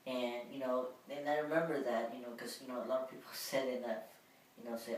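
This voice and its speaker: Rumbling low and steady in tone, a woman vlogger talks briskly through a personal story, loose and full of filler words. The recording is distant and very echoey, with a faint hum in the background.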